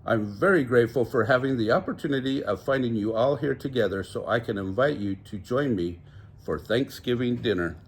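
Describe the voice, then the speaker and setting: A man's voice: medium pitch, fairly quick, a little hiss or hum, lightly acted. An older man voicing a polite, cheerful young boy who tries to sound grown-up. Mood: earnest.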